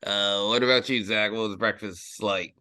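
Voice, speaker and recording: Male podcast host, bright forceful voice, dry close sound, jokey and loose. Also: fairly low pitch, fairly even intonation, moderate pace, no room sound. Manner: jokey, laughs often, trails off quietly. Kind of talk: casual podcast chat.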